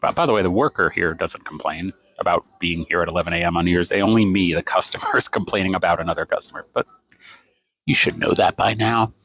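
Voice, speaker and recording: A man's voice: low-pitched, steady tone, quick pace, fairly bright tone. A man in his fifties ranting sarcastically in a vlog, filming himself on a phone in a café. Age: 50s. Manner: exasperated, sarcastic, rambling. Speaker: vlogger. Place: café, indoors.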